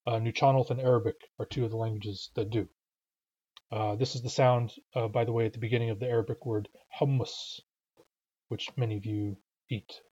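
A man explaining pronunciation in a recorded lesson, patient and methodical, often pausing with "uh". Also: mid-range voice, fairly even intonation, warm tone, slightly rough, dull audio. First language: English. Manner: patient, explanatory, frequent uh fillers. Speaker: language teacher.

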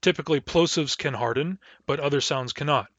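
A man gives a patient language lesson, breaking words into parts and repeating them slowly. His recording sounds a little muffled and lo-fi. The sound is dry, with no room echo. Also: on the high side, fairly bright tone. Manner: patient, explains step by step, slows down to model words. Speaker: language teacher.

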